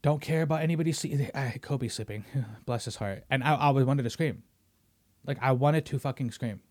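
A young man hosting a casual podcast, ranting heatedly with lots of swearing and loud emphatic bursts. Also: medium pitch, fairly quick. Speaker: podcast host. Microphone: studio microphone.

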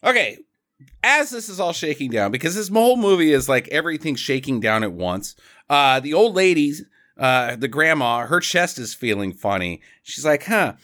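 A man's voice: on the high side, very animated, normal speed, fairly bright tone. A man hosting a podcast, casually retelling a film's plot and slipping into silly voices for the characters. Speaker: podcast host. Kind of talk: casual movie recap chat.

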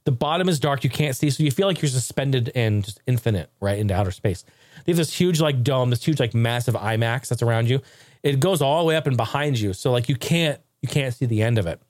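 A man's voice: medium pitch, lively intonation, a little fast, a little mellow, no echo, studio quality. A man hosting a casual tech talk show, swearing freely, laughing often and rambling animatedly.

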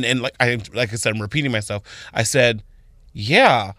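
A man co-hosting a morning radio show, telling an animated story and jumping to high squeals when he retells things. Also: normal speed, no room sound, clean studio sound. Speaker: radio co-host.

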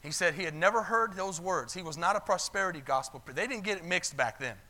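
A man's voice: high voice, lively intonation, fast talker, pushed and bright. A male pastor preaching a sermon to his church, telling a story with quoted lines and calling out for amens. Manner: retells stories in quoted voices, calls for amens. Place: church sanctuary.

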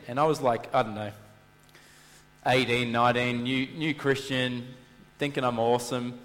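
High-voiced pastor preaching in a hall. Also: male voice. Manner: animated storytelling, acting out his own quoted lines. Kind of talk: sermon.

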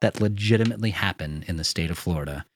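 An American man hosts a casual podcast, chatting in an easygoing, enthusiastic way into a studio mic. His voice is low-pitched, fast and slightly rough.

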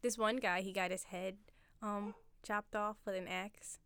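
A woman's voice: medium pitch, fairly even intonation, unhurried, fairly bright tone, smooth. A young woman guest on a podcast, chatting casually and saying "like" a lot. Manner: laid-back, lots of "like" fillers. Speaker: barista guest. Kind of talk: casual chat.

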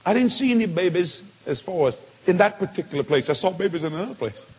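A man preaching a testimony sermon, telling it with feeling and swinging from hushed tones to shouts. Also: high voice, expressive, fast, breathy edge. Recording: long hall reverb.

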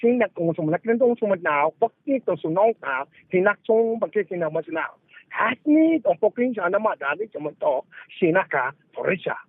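A man's voice: high voice, sing-song, dry recording. A man on a call rattling off exaggerated gibberish, heard over a tinny phone line. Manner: rapid, heavily exaggerated foreign gibberish. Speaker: prank call target.

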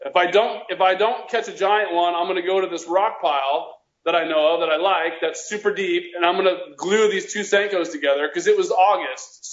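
A man with a fairly high voice tells casual fishing stories, circling back and restarting as he goes. The sound is roomy and a bit dull. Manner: rambling, with many restarts. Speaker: guest angler. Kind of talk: casual storytelling.

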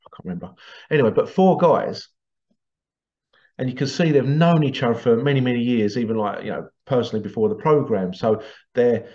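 A man's voice: medium pitch, fairly quick, a little mellow. Rambling, chatty man. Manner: rambling, chatty, chuckling asides. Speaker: vlogger. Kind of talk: casual monologue to viewers. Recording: dull lo-fi recording.

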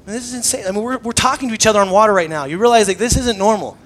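A man voicing an incredulous young fisherman, rambling, raised pitch. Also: very fast, a bit bright, a little hiss or hum. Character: stunned young male fisherman on water.

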